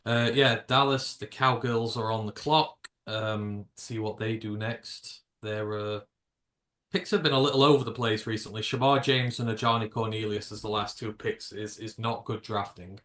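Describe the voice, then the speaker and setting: A man's voice: fairly low pitch, fairly even intonation, normal speed, a bit bright. A British man hosting a live reaction stream, rambling and jokey, with casual swearing. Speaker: livestream host.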